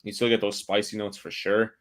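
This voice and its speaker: Easygoing lower-pitched guest, unhurried. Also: male voice, little pitch movement, a bit bright. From Ireland. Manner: easygoing, hesitant. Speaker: distillery guest. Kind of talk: casual tasting chat.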